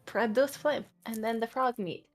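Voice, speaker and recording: A woman playing a tabletop game, speaking in halting, drawn-out phrases. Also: on the high side, faint music behind. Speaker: player. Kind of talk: tabletop game play, casual chat.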